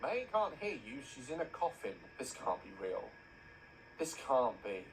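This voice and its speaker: A man's voice: medium pitch, big pitch swings, a little slow, poor audio. A man hosting a reaction video, mocking what he watches with jokey, sarcastic commentary. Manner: mocking, jokey, laughs at his own dark jokes.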